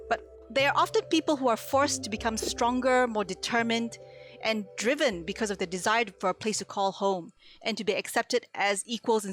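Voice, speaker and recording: A woman hosting a podcast who reflects on a story in a thoughtful, articulate way. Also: a little high. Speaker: podcast host. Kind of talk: reflective commentary.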